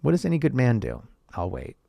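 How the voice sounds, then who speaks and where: A man's voice: medium pitch, wildly swooping pitch, brisk, vocal fry, warm tone. A man hosting a podcast, reading old texts aloud and riffing on them in a profane, sarcastic, rambling way. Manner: profane, sarcastic, rambling, laughs at own jokes. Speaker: podcast host.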